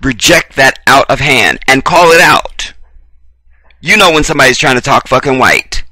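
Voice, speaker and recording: A man's voice: mid-range voice, animated, moderate pace, bright, forceful tone, no echo. An American man delivering an impassioned, profane commentary rant, blunt and preachy, hammering points by repeating himself. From United States. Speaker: video commentator.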